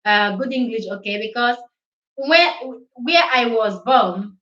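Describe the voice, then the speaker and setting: A woman's voice: on the high side, animated, measured pace, a bit bright, reverberant, muffled recording. A Nigerian woman whose first language is Igbo, hosting a casual live-stream chat and mixing English, Pidgin and Italian in a chatty way.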